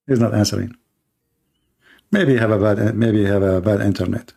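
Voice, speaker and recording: With a low, gravelly yet mellow voice, this live-stream debate host taunts his callers sarcastically and laughs at them. He speaks in halting restarts, and faint music can be heard behind him.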